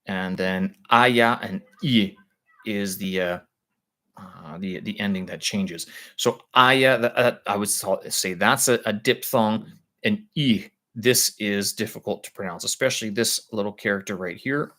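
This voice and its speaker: A man on a live stream, thinking aloud with halting speech as he explains language points to his viewers. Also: on the low side, bright, forceful tone. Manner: halting, searching for words with many pauses.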